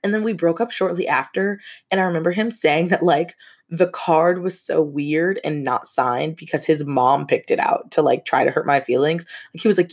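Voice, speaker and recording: A woman's voice: low voice, normal speed, creaky, darkish tone. A young woman hosting a casual podcast, telling a story with frank, profane asides and laughs.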